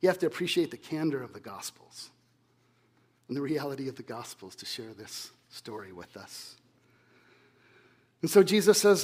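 A man preaching a sermon, dropping from loud emphasis to hushed tones. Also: medium pitch, big pitch swings, moderate pace, pauses often, breathy edge. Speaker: pastor.

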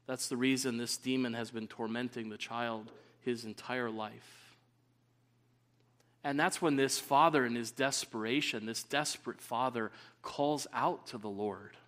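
A man's voice: mid-range voice, fairly even intonation, measured pace, a bit bright. Earnest male preacher. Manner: earnest, rising to emphatic stresses. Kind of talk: sermon.

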